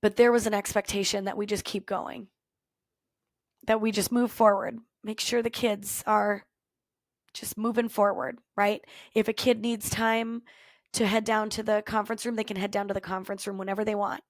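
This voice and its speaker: A woman podcast host and culture coach telling a personal story in an earnest, reflective way, with thoughtful pauses. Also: mid-range voice, flat delivery, dry recording, clean studio sound. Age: former teacher, adult.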